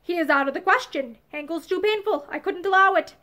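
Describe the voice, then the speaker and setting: A woman reading aloud, voicing a calm male team doctor who reports quietly and briskly. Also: very high-pitched. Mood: matter-of-fact.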